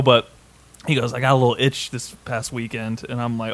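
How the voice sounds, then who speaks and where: A man's voice: medium pitch, fairly even intonation, brisk, fairly bright tone. Male co-host, casual storyteller, rambles with frequent restarts and cursing. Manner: rambling, swears often, many restarts. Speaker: podcast co-host.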